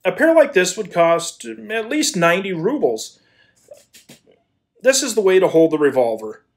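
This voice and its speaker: A blustering landowner, hot-tempered yet suddenly lovestruck, as a man acts him out. He stammers and pleads, slow and halting, with a voice that leaps from low mutters to high outbursts. A community audio-play performance. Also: sing-song, exaggerated voice. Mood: instructive. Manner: stammering, then bursts into shouted pleas. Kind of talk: amateur radio play acting.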